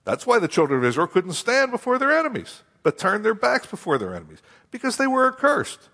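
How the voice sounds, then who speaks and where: A man preaching a sermon, telling a scripture story in a folksy, animated way with rhetorical questions. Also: sits high, brisk. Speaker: pastor. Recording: long hall reverb.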